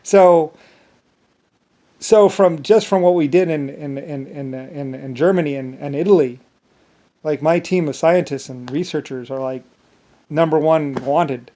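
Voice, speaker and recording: A man's voice: on the high side, measured pace, mellow. A man talking alone in a meandering monologue, full of restarts and filler words. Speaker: solo vlogger. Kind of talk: rambling monologue.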